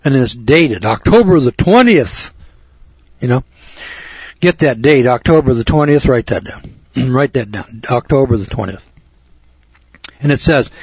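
A man's voice: mid-range voice, expressive, a little slow, long pauses, breathy edge, dry recording. A man lecturing a live audience in an emphatic way, repeating key words and adding wry asides. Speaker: speaker addressing an audience. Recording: dull lo-fi recording.

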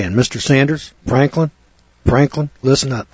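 Husky-voiced preacher, dry lo-fi sound. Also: male voice, normal speed, no echo. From United States. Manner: preachy, sarcastic, swings from low asides to loud outbursts. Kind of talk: sermon. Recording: dry, dull lo-fi recording.

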